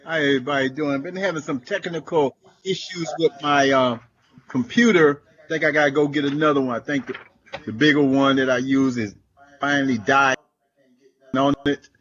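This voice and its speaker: A man's voice: mid-range voice, fairly even intonation, moderate pace, fairly bright tone, lo-fi sound. A man at an open mic who chats casually about computer trouble, then reads his own poems. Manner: casual and chatty before reading. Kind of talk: poetry reading.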